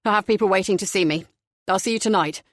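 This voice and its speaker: A woman's voice: medium pitch, no room sound, studio quality, lightly acted. A woman doing a flustered young businessman. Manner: apologetic, shaken and hurried. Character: nervous young male company director, flustered. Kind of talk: audiobook character voicing.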